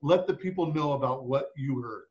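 A man's voice: medium pitch, moderate pace, a little mellow. A man hosting a casual interview, earnestly prompting his guests with questions. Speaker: host. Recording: dull lo-fi audio.

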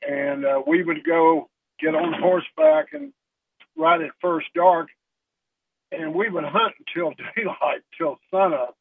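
A man's voice: on the high side, very animated, unhurried, slight background noise. A man from West Texas with a Texan accent, calling in and telling a story in a folksy way with many fillers. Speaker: caller. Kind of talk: casual storytelling on a radio show. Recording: tinny phone line.

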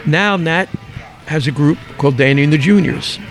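Soft music sits behind this older Philadelphia guest as he races through anecdotes in a slightly high voice. He's an animated raconteur, performing quotes and firing off names during the interview.

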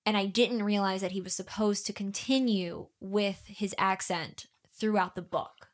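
Young woman chatting about narrating, says "like" a lot, mid-pitched voice. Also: fairly even intonation, measured pace. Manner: chatty, lots of "like" fillers. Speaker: audiobook narrator. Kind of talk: casual chat.

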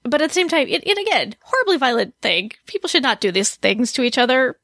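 A woman's voice: sits high, big pitch swings, quick pace, gravelly, a bit bright, no room sound, studio quality. A woman co-hosting a podcast, talking thoughtfully and a little hesitantly about a TV episode. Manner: thoughtful, self-deprecating, slightly hesitant. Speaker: podcast co-host. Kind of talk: casual TV recap chat.

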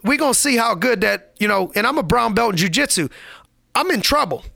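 A man's voice: sits high, animated, brisk, gravelly, bright, forceful tone, dry recording, studio quality. A man giving a motivational podcast monologue, preachy and emphatic, repeating lines for effect in casual street slang.

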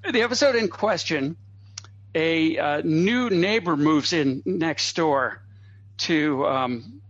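A man with a slightly raised voice spins a long anecdote as a podcast guest, a lively raconteur full of asides and small laughs. His audio is dry and close with no room around it, and it sounds a little dull and lo-fi. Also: on the high side, takes it slowly, no room sound. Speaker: guest comedy writer. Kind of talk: anecdotal storytelling in a podcast interview.

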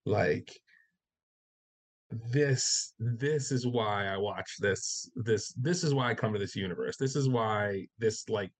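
A man co-hosting a casual podcast chat about a TV episode, animated and swearing freely, acting out the characters' reactions. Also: on the low side, takes it slowly. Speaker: podcast co-host.

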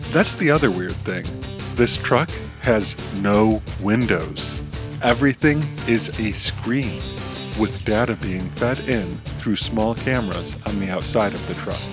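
A man giving scripted audio drama narration in a brisk, plain manner. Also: fairly low pitch.

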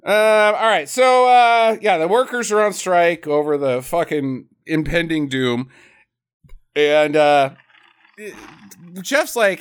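A man's voice: a little high, lively intonation, unhurried, clear, resonant tone. Laughing, profane man recapping a movie. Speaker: podcast host. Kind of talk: casual movie recap chat.

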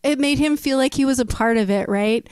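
A woman's voice: high voice, fairly quick, darkish tone, clean tone. A woman musician chatting in an interview, telling stories with lots of fillers and frequent laughter. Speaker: musician guest. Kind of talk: casual interview chat.

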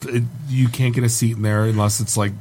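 A man who grew up in Canada hosts a loose comedy chat, reading reviews aloud with a dry edge. His voice sits at an ordinary middle pitch, and he riffs in deadpan asides. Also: brisk, slight background noise. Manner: wry, riffing, deadpan asides. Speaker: podcast host.

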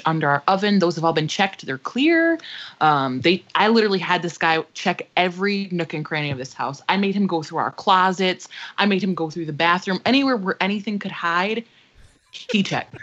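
A woman's voice: lowish voice, expressive, moderate pace, fairly bright tone. Young adult woman, casual podcast co-host, emphatic and swearing, lo-fi sound. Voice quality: profane, emphatic storyteller. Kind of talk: casual storytelling chat. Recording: dull lo-fi podcast audio.

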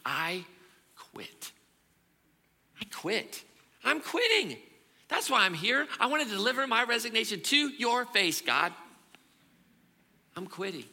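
A worn-out, angry prophet shouts that he is done, his voice pitched high and gravelly, as a preacher acts him out. The outbursts are loud and exasperated. A long hall reverb trails each line. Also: moderate pace, exaggerated voice.

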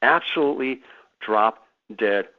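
Guy on a radio call-in, mid pitch, super animated, repeats himself a lot, tinny phone sound. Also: slow pace. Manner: animated, emphatic storyteller who repeats words. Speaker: guest author. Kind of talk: radio interview.

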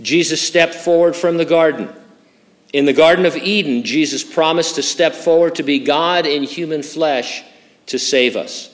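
A pastor preaching a sermon, speaking in a measured way with deliberate emphasis. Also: male voice, fairly high pitch. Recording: reverberant hall.

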